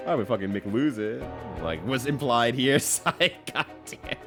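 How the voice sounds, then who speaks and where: A man's voice: mid-range voice, lively intonation, unhurried, fairly bright tone, faint music behind. A man streaming a story game, reading its lines aloud and reacting with frequent laughter and swearing. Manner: laughs often, swears freely, mock-voices the characters.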